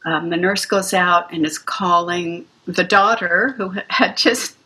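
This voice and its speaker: A woman recounting a hospice experience in an interview, gently and reflectively. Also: lowish voice, husky, poor audio. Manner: gentle, slow, reflective storytelling. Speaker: music practitioner playing for hospice patients. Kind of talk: interview storytelling.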